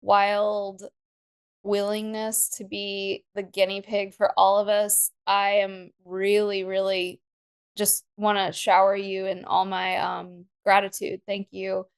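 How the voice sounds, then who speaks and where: A woman's voice: medium pitch, completely flat delivery, slow pace, smooth. A woman hosting a podcast, chatting casually in a gushing, effusive way. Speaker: podcast host.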